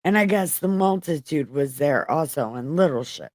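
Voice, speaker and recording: A woman's voice: low-pitched, animated, normal speed, darkish tone, dry recording. A woman casually reading the Bible on a livestream, stopping to correct herself, swearing in her paraphrases and rambling to her viewers. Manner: irreverent, swears while paraphrasing; rambling, self-correcting, talks to an empty chat. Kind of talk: casual live Bible reading with chatty asides.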